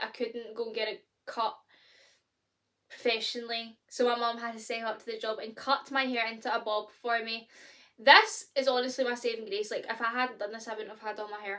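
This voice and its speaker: A young woman with a Scottish accent talks casually to her camera, filling her speech with fillers. Her voice sits a little high and sounds bright and forceful. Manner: chatty, many fillers, candid and expressive. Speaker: vlogger.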